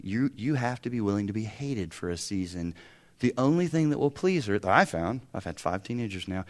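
A middle-aged man preaching a sermon, lively and conversational, acting out quoted voices with humor. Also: medium pitch. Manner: animated, acts out quoted voices, self-deprecating humor. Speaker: pastor.

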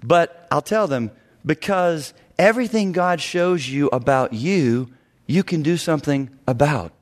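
Middle-aged man, pastor preaching, lively storytelling sermon, slightly high voice. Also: measured pace. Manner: animated storytelling, mimicking people. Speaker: pastor and marriage counselor.

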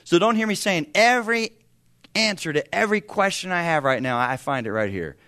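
A man's voice: sits high, lively intonation, brisk, bright, forceful tone. A man in his fifties preaching a sermon as pastor, talking in a conversational, humorous way with sudden bursts of emphasis. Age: 50s.

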